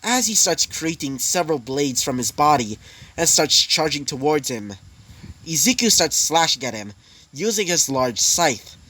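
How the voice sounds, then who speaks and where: Slow, bright-voiced man telling a story. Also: a little high, animated, poor audio. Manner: rambling with many fillers. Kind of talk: casual fan story narration.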